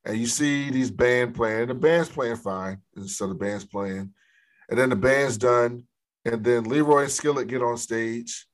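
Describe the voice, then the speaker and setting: In a mid-range voice at a moderate pace, a man co-hosting a podcast casually recaps a movie scene after scene. His telling is loose and profane, punctuated by frequent laughter.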